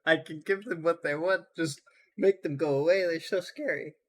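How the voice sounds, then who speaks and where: A man's voice: fairly high pitch, normal speed. A man streaming a horror game live, reacting nervously with laughs and exclamations. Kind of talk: live gameplay commentary. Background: game music.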